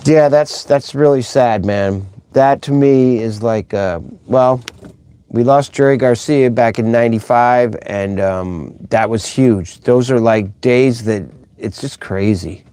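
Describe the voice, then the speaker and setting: A man's voice: medium pitch, takes it slowly, dark tone, smooth, dry recording. A middle-aged man hosting a casual live stream, rambling and chatty as he reads out viewer comments.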